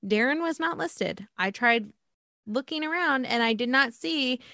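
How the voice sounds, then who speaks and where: Lively, higher-voiced woman asking questions. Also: measured pace, vocal fry, dry recording, clean studio sound. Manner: lively, leads with questions, folksy asides. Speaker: podcast host. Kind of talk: casual film-review chat.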